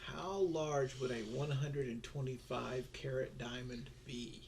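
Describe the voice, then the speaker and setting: A man with a gravelly voice co-hosts a casual podcast chat. He keeps the talk on track at a steady, mid-range pitch. His humor is dry, and he talks with many fillers. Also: a little slow, a little hiss or hum. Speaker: podcast co-host.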